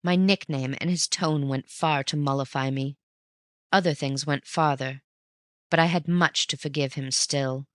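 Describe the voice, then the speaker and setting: An audiobook narrator reading a classic novel in a measured, steady way. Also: mid-range voice, no room sound, studio quality.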